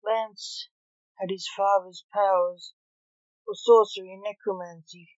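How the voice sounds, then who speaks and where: A woman reading a fan story aloud in plain, even narration, on a dull lo-fi recording. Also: medium pitch, measured pace, dry recording. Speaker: story reader.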